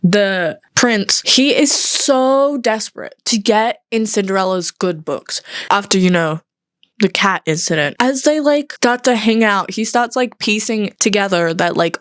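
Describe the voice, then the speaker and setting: A young woman reviewing movies in a comedy vlog, talking in an animated, sarcastic, giggly way from close to the mic. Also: mid-range voice, measured pace, dry recording.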